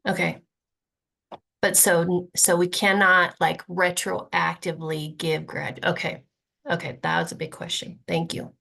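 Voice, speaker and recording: A woman attendee asks her question very slowly and hesitantly, restarting as she goes. Her voice is low and gravelly. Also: level tone, pushed and bright. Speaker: participant asking a question.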